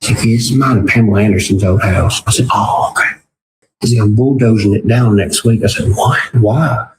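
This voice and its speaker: Here a man with a lowish voice talks briskly, spinning casual stories as a podcast guest and acting out people's remarks in quotes with lively energy. Clear background noise fills a roomy recording.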